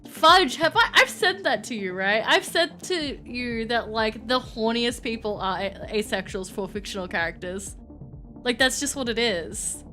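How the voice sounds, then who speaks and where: A woman's voice: on the high side, a little slow, sharp tone, faint music behind. A young woman streamer chatting casually while she plays a visual novel, giggly and self-deprecating as she rambles. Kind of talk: casual gaming commentary.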